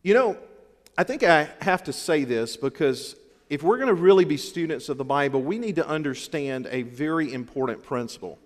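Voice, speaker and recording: A man's voice: fairly high pitch, animated, moderate pace. A man with a Southern US accent preaching a folksy, humorous sermon, with emphatic repetition to his congregation. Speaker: pastor. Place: church sanctuary. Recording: long hall reverb.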